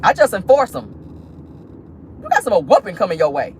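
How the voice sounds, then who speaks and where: A woman's voice: fairly low pitch, wildly swooping pitch, brisk, darkish tone, a little hiss or hum. A woman giving casual pop-culture commentary on her vlog, emphatic and preachy, with frequent profanity. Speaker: commentary vlogger.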